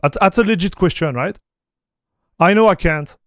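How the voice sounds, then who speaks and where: A man's voice: sits high, normal speed, fairly bright tone, no echo, studio quality. A man with a French accent, chatting loosely on a live tech stream, with many fillers and repeated words. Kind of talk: casual livestream chat while installing software.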